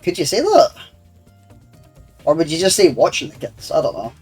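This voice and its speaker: Young male streamer, slightly high voice, crude rambling chat with his viewers over faint game music. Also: wildly swooping pitch, moderate pace, a little mellow, slightly rough. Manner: crude, sweary banter with chat; rambling, laughs often. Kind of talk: casual gaming stream chat.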